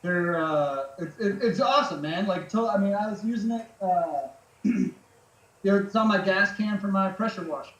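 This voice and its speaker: Laid-back veteran guest, high male voice, loose and profane, echoey room. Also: normal speed, fairly bright tone. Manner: laid-back, swears freely, many fillers. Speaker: podcast guest, military veteran. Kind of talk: casual storytelling chat.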